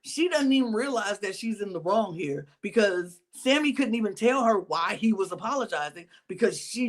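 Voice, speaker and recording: Brief: woman podcast co-host, lively storyteller, casual recap chat. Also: medium pitch, normal speed, hardly any pauses. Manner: animated storytelling, retelling scenes.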